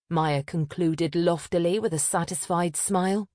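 A woman narrating a historical novel in a measured storytelling manner. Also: sits low, flat delivery, darkish tone, dry recording, clean studio sound. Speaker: audiobook narrator. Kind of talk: scripted narration.

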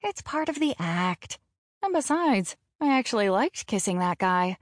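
A woman's voice: medium pitch, sing-song, measured pace, no echo, clean studio sound. A woman voicing a snappy, sarcastic teen girl. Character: defiant, sarcastic 17-year-old girl performer. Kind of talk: audiobook dialogue.

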